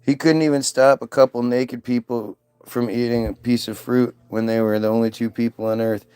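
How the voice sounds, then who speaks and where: A man's voice: mid-range voice, level tone, moderate pace, a little mellow, smooth, no echo. A man delivering a profane comedic rant in a sarcastic, irreverent, rambling way.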